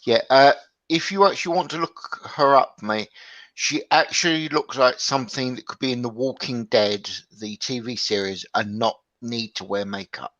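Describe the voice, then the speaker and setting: A man's voice: medium pitch, normal speed, a bit bright, no echo. A man in casual podcast chat who explains things matter-of-factly and jokes dryly. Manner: matter-of-fact, dry joking. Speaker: podcast co-host. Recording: dull dry lo-fi mic.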